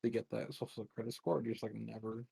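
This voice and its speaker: Gravelly, husky-voiced man swearing casually. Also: on the low side, flat delivery, quick pace, dark tone. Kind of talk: casual chat among tabletop players.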